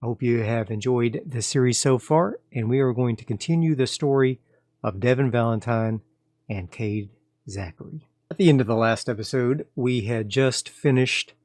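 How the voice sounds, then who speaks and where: A man hosting and narrating a solo tabletop horror game, telling the story in a loose, relaxed way with fillers and restarts. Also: medium pitch, normal speed, no echo, clean studio sound. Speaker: game master and host of solo tabletop play.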